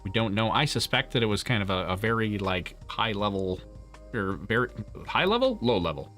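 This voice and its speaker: A man with a fairly low, slightly bright voice hosts a live launch stream at normal speed, his pitch swinging widely. He casually answers chat questions, rambles, restarts often, and laughs, with faint music behind him.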